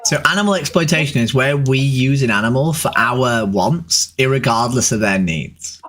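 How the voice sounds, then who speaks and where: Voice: mid-range voice, animated, moderate pace, a bit bright. An adult in their thirties, a vegan activist streamer, joking and swearing casually before asking strangers earnest, persuasive questions on a video chat. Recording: noisy webcam audio.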